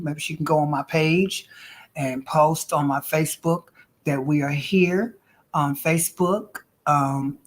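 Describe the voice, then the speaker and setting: Chatty woman on a livestream, playful, keeps calling folks girl and honey. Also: low-pitched. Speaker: livestream host and intuitive reader. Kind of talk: casual livestream chat.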